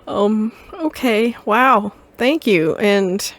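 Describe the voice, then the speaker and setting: Chill woman streamer reading game lines out loud, slow and easygoing, giggly. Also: medium pitch, lively intonation. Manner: laid-back, reads game dialogue aloud with giggles. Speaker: VTuber streamer. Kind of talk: casual game let's play.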